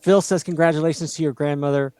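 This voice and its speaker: A man's voice: a little high, steady tone, fast talker, mellow, smooth. A man co-hosting a casual livestream, reading out viewer comments in a chatty, self-deprecating way.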